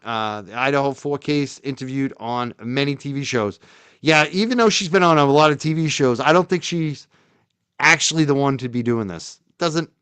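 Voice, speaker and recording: A man hosting a live stream, reacting to a video in loud, heated commentary and ranting close to his mic. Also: mid-range voice, clean tone, no room sound.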